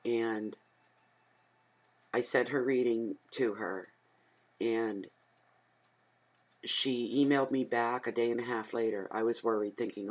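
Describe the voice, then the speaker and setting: A middle-aged woman from Atlantic Canada, a tarot reader who rambles and chats casually at home, talking aloud to herself and getting easily excited. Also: rumbling low, moderate pace, pauses often, rough recording. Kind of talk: casual chatty tarot reading.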